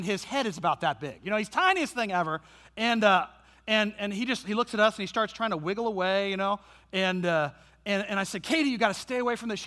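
High, bright-voiced preaching man. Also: in a large hall. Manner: animated, humorous storytelling. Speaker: pastor. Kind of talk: sermon with storytelling.

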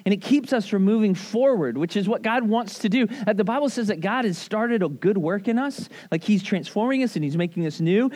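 A man preaching a casual sermon, talking to a congregation in a loose, animated way full of asides and questions. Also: high voice. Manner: conversational, animated, lots of "like" and "right?". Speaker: pastor. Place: church service.

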